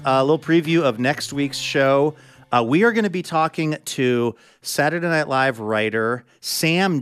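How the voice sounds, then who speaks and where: A man hosting a radio show, wrapping up with smooth, upbeat announcements. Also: medium pitch, a bit bright, dry recording, clean studio sound.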